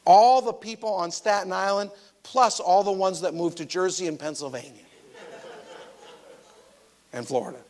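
A man preaching a sermon, animated and emphatic, swinging between loud stressed lines and soft quiet drops. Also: sits high, moderate pace, long pauses, a faint crowd. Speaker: pastor.

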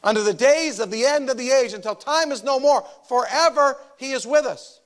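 A man preaching a sermon, animated and emphatic, swinging between loud stressed lines and soft quiet drops. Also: very high-pitched, moderate pace. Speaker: pastor.

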